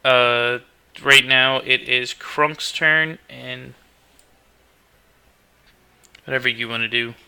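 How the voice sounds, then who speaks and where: A man narrating a tabletop game as game master, unhurried and loose. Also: mid-range voice, fairly even intonation, creaky, pushed and bright, clear, resonant tone. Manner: unhurried narration with restarts and fillers.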